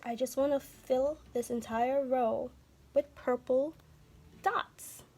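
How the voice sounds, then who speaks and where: Gentle encouraging woman art instructor. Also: high-pitched, steady tone, takes it slowly, husky. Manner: gentle, encouraging, talks to viewers directly. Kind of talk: children's art lesson.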